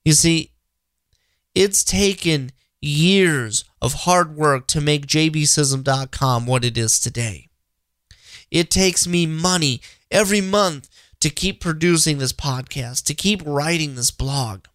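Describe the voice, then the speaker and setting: A man's voice: a little high, takes it slowly, a bit bright, no room sound, clean studio sound. A man in his thirties hosting a faith podcast, talking earnestly and repeating himself with many restarts. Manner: earnest, repetitive, frequent restarts. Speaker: podcast host. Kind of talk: inspirational faith talk.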